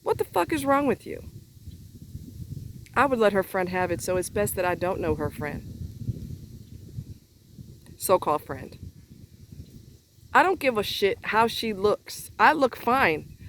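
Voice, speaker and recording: A woman's voice: medium pitch, lively intonation, measured pace, long pauses, a little hiss or hum. A woman vlogger delivering a heated, profane personal rant in a blunt, exasperated way.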